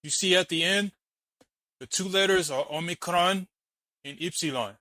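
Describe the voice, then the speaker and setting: Bright, combative man explaining. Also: high voice, normal speed, no echo, low-quality recording. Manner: combative, mocking, explains letter by letter. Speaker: channel host reacting to a debate clip. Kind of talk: argumentative commentary.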